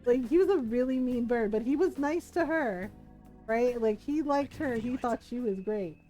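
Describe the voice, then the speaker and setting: A woman's voice: on the high side, normal speed, dark tone, faint music behind. A woman streamer chatting casually while she plays a video game, telling a story with lots of "like" and "right?" and laughing often.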